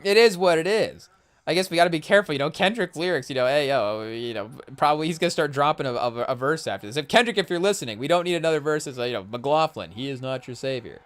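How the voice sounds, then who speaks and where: A man hosting a podcast, reacting excitedly and rambling through casual live commentary on a game, with lots of "hey, yo" interjections. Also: a little high, fast talker. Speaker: podcast host.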